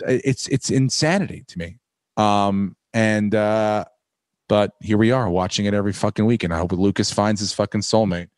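A man hosting a podcast, ranting in a profane, rambling, animated way. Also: fairly low pitch, normal speed, dry recording. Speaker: podcast host. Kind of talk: casual podcast chat.

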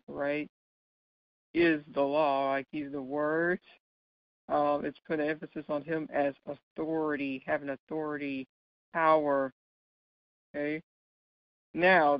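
Male Bible study teacher, slow and patient, keeps checking in with listeners. Lightly high voice, dull lo-fi recording. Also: no echo. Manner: checks in often with "right?" and "okay?"; explains patiently with light laughs.

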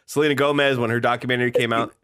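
A young man co-hosting a podcast, chatting casually, animated and quick to laugh. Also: medium pitch, clean tone. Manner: animated, laughing, exclaims in bursts. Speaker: podcast co-host. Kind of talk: casual chat.

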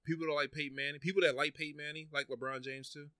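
Guy cohosting a podcast, teasing his buddies, kinda high voice, dry close mic. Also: very fast, dry recording. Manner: animated, teasing, stammers when riled up. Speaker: podcast co-host. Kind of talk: casual chat.

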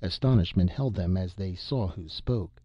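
Male narrator for steady storybook reading; very deep voice, dull, muffled, dry recording. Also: normal speed, husky, no room sound. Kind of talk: audiobook narration.

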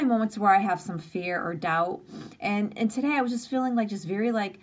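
A woman in her forties with a brisk, mid-range voice hosts a casual inspirational live stream. She talks earnestly and openly about feelings in a conversational way, using emphatic lists.

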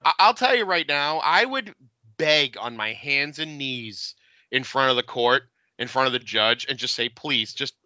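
A man's voice: medium pitch, animated, moderate pace, bright, forceful tone, no echo, muffled recording. A man co-hosting a casual movie commentary, joking, laughing and quoting lines. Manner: jokey, laughs a lot, quotes lines. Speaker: podcast co-host.

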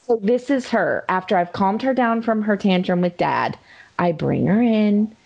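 A woman in her thirties telling a story about her children on a video call, animated and quick to laugh. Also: mid-range voice, vocal fry, dull audio, faint music behind. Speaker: mother of young children. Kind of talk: casual chat among family.

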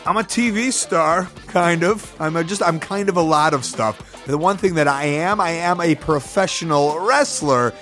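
A man's voice: a little high, normal speed, hardly any pauses, a bit bright, soft background music. Chatty male podcast host with a cold. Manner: chatty, rambling, upbeat plugs. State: sick with a cold. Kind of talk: casual podcast monologue. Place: studio apartment.

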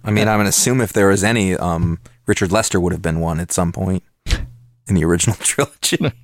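A man's voice: low-pitched, quick pace, no room sound. A man co-hosting a casual podcast chat about films, making dry joking asides. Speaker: podcast co-host.

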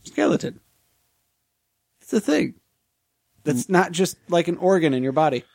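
High-voiced teasing man cohosting. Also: big pitch swings, unhurried, vocal fry, a little mellow, dry recording, studio quality. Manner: teasing, exasperated, laughs often. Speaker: podcast co-host. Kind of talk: casual chat.

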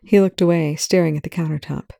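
A narrator reading fan fiction aloud with a slight lisp, measured and even. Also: medium pitch, gravelly, dry recording, studio quality.

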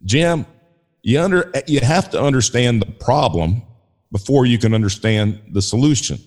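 A man voicing an older Southern man with a gentle teaching tone and a Southern accent. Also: medium pitch, animated, moderate pace, big-room sound, lightly acted. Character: kindly older Southern male mentor.

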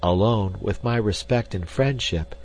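A man's voice: on the low side, a little slow, darkish tone, slight background noise, close to an everyday voice. A man reading the part of a proud young woman, earnest and dignified.

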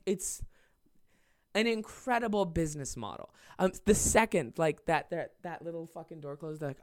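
Young male podcaster, raised voice, smooth and clear, rambling profane anecdote. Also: high voice, a bit bright, dry recording, clean studio sound. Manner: rambling, profane, laughs through the story. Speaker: podcast host. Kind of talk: comedic storytelling.

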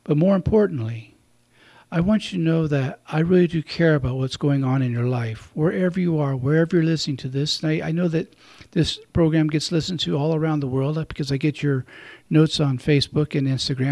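Male priest, radio host; gentle reflective homily, raspy grain, dry close sound. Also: fairly high pitch, fairly quick, no room sound. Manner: gentle, reflective, speaks directly to listeners.

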